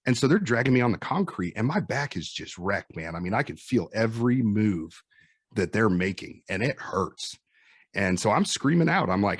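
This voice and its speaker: A man in his forties with a Midwestern American accent, a firefighter and instructor telling animated stories and acting out what people said. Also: on the low side, moderate pace, husky, no echo, clean studio sound. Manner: animated storyteller acting out quotes. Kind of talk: casual storytelling chat.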